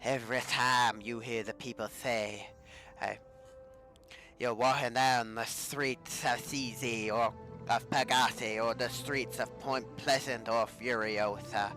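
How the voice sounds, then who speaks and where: A man's voice: mid-range voice, steady tone, takes it slowly, pushed and bright, faint music behind. A man voicing a boastful heavyset male wrestler who cuts a promo in a swaggering drawl, calling everyone baby, in a tabletop role-play.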